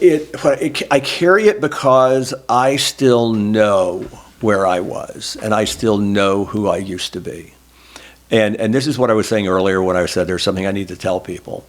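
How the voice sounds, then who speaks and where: A middle-aged man from Oklahoma, a former state senator, telling earnest, self-deprecating stories in an oral history interview. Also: deep voice. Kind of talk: reflective oral history storytelling.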